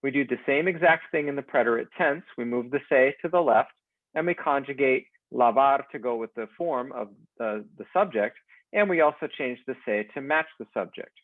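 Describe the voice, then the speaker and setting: A man teaching a Spanish class, explaining verb endings in a slow, deliberate way and leading repeat-after-me drills. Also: mid-range voice, dry recording. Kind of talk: recorded class lecture. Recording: dry, phone-like narrow sound.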